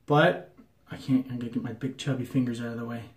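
A man's voice: mid-range voice, fairly even intonation, fast, a little hiss or hum. An American man chatting casually to camera about wet shaving, with a jokey, rambling manner full of fillers. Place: bathroom at the sink. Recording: echoey bathroom.

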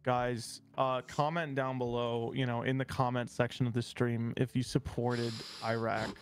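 Deadpan man with a gravelly voice. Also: medium pitch, moderate pace, slight background noise. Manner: dry, joking, deadpan. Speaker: stream host. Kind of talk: casual gaming chat.

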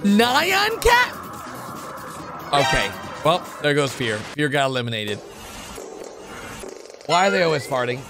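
A man hosting a gaming channel, giving excitable reaction commentary on a video, swinging from low mutters to high yelps. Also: takes it slowly, gravelly, long pauses, music in the background.

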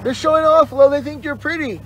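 Excitable high-voiced woman filming a trip. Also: brisk, a little hiss or hum, rough recording. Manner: excitable and playful, tosses in Spanish words. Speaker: vlogger filming a family outing. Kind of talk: casual vlog chat while filming. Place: outdoors on a tour boat. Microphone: handheld camera. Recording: loud music and crowd on a tour boat.

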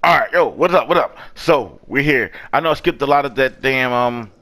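A young man casually commenting on his gameplay, loud and excitable, cursing and trash-talking the enemies. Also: medium pitch, normal speed, over loud music. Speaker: gaming channel host.

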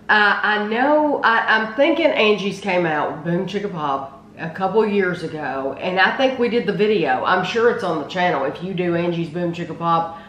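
A woman's voice: fairly low pitch, a bit bright. A woman hosting a casual taste-test video, talking effusively and full of praise about snacks. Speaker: food reviewer, channel host. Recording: roomy with faint noise.

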